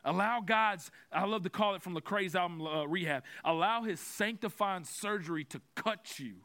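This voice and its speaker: A man's voice: sits high, normal speed, bright, forceful tone. A young man preaching a sermon, telling a personal story with self-mocking humor before turning to scripture.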